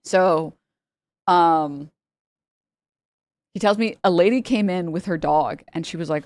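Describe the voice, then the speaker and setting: A woman's voice: on the low side, slow pace, long pauses, a little mellow, no echo. A woman streamer telling a rambling story in casual chat, laughing often and mimicking the people in it. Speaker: livestreamer. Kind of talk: casual storytelling to a live audience.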